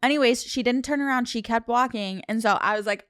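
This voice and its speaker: A young woman co-hosting a comedy podcast, telling a story with indignant, animated energy, swearing and laughing as she goes. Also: on the high side, a little fast, clean tone, no echo, clean studio sound. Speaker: podcast co-host. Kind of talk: casual comedic chat.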